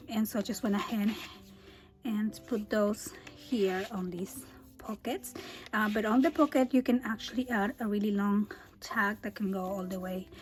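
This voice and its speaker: Female crafter, fairly high voice going breathy and hoarse, relaxed chatty tutorial delivery. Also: rough recording. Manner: chatty, easygoing, frequent um and uh. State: losing her voice, often drops to a breathy whisper. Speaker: scrapbooking crafter. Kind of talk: casual craft album walkthrough.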